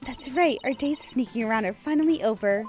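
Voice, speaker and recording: A woman voicing a brash, sharp-tongued young female magician who talks in a snappy, defiant, rude way. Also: fairly high pitch, quick pace, soft background music, lightly acted. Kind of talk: reading a game aloud with voices.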